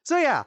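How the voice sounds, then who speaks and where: A woman hosting a comedy stream, telling a story in casual, animated style, swearing freely and jumping high for quoted voices. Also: no room sound. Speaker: comedy show host. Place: virtual-world live stream.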